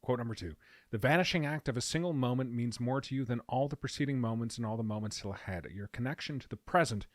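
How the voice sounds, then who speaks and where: A man co-hosting a casual podcast chat, explaining at length and reading quotes aloud slowly. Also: mid-range voice, dry recording, studio quality. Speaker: podcast co-host. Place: podcast recording room.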